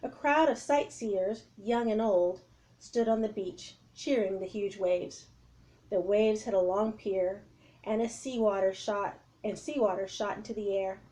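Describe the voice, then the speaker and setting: A woman reading a chapter book aloud to children in an expressive, lively way. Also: mid-range voice, a little slow. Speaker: children's story reader.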